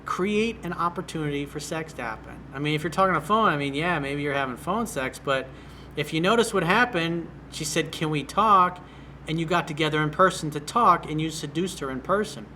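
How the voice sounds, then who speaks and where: Dating coach, male, bright and punchy tone, slightly high voice, talks bluntly. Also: brisk, slight background noise. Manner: blunt, direct. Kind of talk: commenting on a viewer's email.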